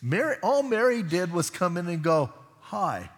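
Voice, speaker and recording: A male pastor preaches a sermon in a church, his voice sitting a bit high for a man. He keeps it chatty and animated and slips into voices for the people he talks about. The sound rings with a long hall echo. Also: normal speed. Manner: lively, conversational preaching that acts out voices. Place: church sanctuary.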